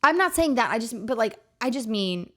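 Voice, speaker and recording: A woman's voice: a little high, very animated, a little fast, pushed and bright. A woman co-hosting a podcast in casual chat, rambling with lots of "like" and frequent restarts, on a podcast mic. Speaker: podcast co-host.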